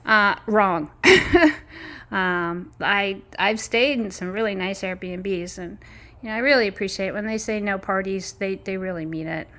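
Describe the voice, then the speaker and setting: A woman's voice: medium pitch, fairly even intonation, unhurried, bright, forceful tone. A woman vlogging in a casual, meandering way with frequent small laughs, speaking outdoors in an apartment courtyard. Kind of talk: casual rambling chat.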